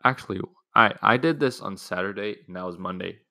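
A man's voice: on the low side, fairly quick, gravelly, sharp tone. A young man hosting a casual podcast from home, rambling through a profane, complaining story about his family. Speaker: podcast host. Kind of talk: casual rant.

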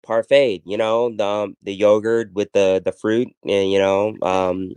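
Low, smooth-voiced man telling rambling stories. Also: level tone, measured pace, a little mellow, no echo. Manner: rambling storytelling with many fillers. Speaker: podcast host. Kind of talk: casual chat.

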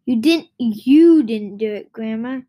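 An earnest young boy who pleads with his grandmother and coaxes a hen, as a woman reading a storybook puts him on. His voice is high and slow, with an insistent, honest tone. He sounds close to the narrator's own voice. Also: lively intonation, lo-fi sound. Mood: pleading. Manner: pleading, coaxing.

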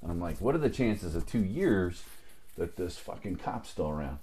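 A man with a very low, deep voice tells a long story in casual chat. He swears freely and acts out what everyone said. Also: moderate pace, breathy edge. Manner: profane, animated anecdote-telling with quoted dialogue.

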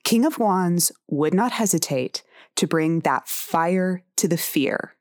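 A woman in her forties talks on her tarot podcast in a low voice. She speaks frankly and candidly, swears freely and laughs easily. The recording is dry and close. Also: expressive, slow, a little mellow, no room sound. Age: 40s. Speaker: podcast host. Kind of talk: personal tarot podcast monologue.

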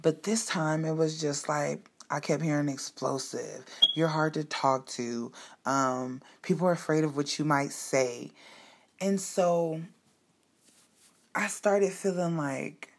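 A woman's voice: low-pitched, slow, a little hiss or hum. A woman speaking straight to her audience in a candid personal monologue, heartfelt and emphatic, with frank swearing.

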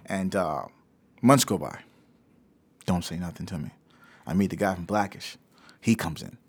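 Young guy w a lowish voice, actor on a podcast, loose slangy storyteller, cusses a lot. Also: normal speed, breathy edge. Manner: animated, slangy storyteller who swears freely. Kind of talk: casual storytelling chat.

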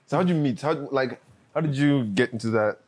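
A man hosting a podcast, chatting casually with a guest in a relaxed, slangy way. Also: medium pitch, a little fast. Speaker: podcast host. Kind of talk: casual interview chat.

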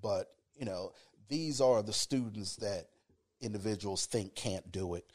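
Speaking at a measured pace, a fifty-something man with a deep, radio-style voice sounds thoughtful as he talks about his work as a college educator in an easygoing interview.

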